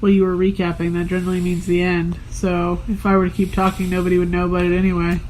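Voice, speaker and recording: A woman's voice: lowish voice, monotone, quick pace, a little mellow, a little hiss or hum, rough recording. A woman co-hosting a podcast, answering in a dry, unimpressed way with short replies. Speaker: podcast co-host. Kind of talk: casual chat.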